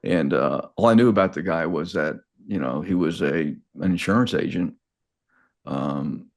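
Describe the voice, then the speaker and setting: Deep-voiced older man telling stories. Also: creaky. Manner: halting, repeats words and restarts often. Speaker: guest. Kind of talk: casual storytelling.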